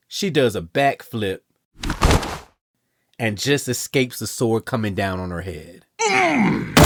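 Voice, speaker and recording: A man hosting a podcast, recapping a comic book in an animated, casual way with the odd swear word. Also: lowish voice, heavy background noise. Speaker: podcast host.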